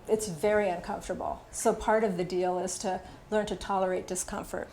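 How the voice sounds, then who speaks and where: A woman's voice: medium pitch, a little mellow, slight background noise. Candid older woman teaching a workshop. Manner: candid, personal storytelling with fillers. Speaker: workshop instructor. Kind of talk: casual workshop talk.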